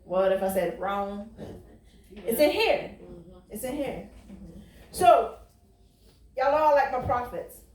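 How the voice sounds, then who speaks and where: Woman pastor, high voice, chatty call-and-response preaching, recorded far off in an echoey church. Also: animated, slow pace, pauses often, darkish tone. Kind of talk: sermon. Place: church sanctuary. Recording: roomy, distant church recording.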